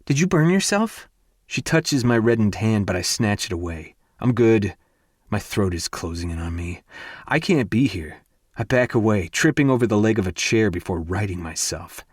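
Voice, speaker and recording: A young man reads a first-person romance audiobook in a low, grounded voice. His delivery is intense and candid, with blunt, profane inner thoughts. The recording is dry and close, with no room around it. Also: normal speed, breathy edge, no room sound. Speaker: audiobook narrator.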